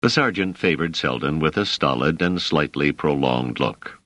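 A man narrating an audiobook in an expressive storytelling manner. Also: very deep voice, normal speed, no room sound. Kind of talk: scripted narration.

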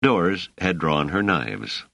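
A man with a very deep voice reads a novel aloud. His intonation rises and falls expressively, and the recording is dry and close. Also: sing-song, takes it slowly, gravelly, pushed and bright, no echo. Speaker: audiobook narrator. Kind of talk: scripted narration.

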